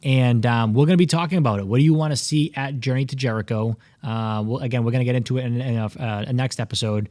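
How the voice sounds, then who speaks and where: Steady New England host pitching to viewers. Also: male voice, quick pace, hardly any pauses, dry recording. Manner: steady, promotional, asks viewers to comment. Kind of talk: casual talk show chat.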